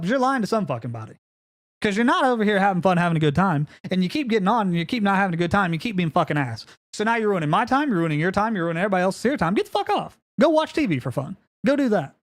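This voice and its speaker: A man on a live stream in full rant mode, cursing freely and repeating himself as he stumbles over his own words. His pitch swoops widely, jumping from shouted peaks down to low, muttered grumbles. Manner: profane, heated, swings between yelling and low grumbling. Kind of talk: ranting live-stream monologue.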